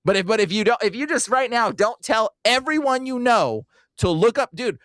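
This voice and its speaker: Podcast host, male, high and very animated, casual rants, dry close mic. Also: normal speed, no room sound. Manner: animated, impersonates people he talks to.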